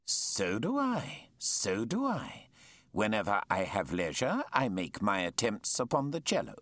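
A man voicing a learned, courteous male naturalist with formal, precise speech that turns excitable. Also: lowish voice, a little slow, dry recording, heavily acted.

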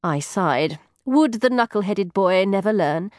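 A woman's voice: mid-range voice, lively intonation, unhurried, darkish tone, no room sound, clean studio sound. Wry woman narrating an audiobook. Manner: arch, wry and prim. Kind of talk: scripted first-person narration.

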